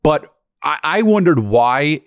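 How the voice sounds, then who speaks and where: A man co-hosting a podcast, talking casually with a lot of swearing and rambling, animated storytelling. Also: on the high side, takes it slowly, no echo, studio quality. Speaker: podcast co-host. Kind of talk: casual chat.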